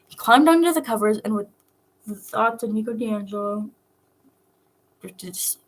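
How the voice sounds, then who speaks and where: A woman reading a fan fiction story aloud in a soft, steady narrating voice. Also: mid-range voice, moderate pace, slight background noise, rough recording.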